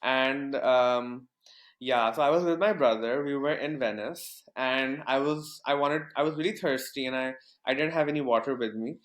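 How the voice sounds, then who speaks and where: A man's voice: medium pitch, normal speed, a bit bright, echoey room. Young man telling a story. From Pakistan. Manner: rambling, many fillers and restarts. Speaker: podcast guest. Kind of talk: casual storytelling.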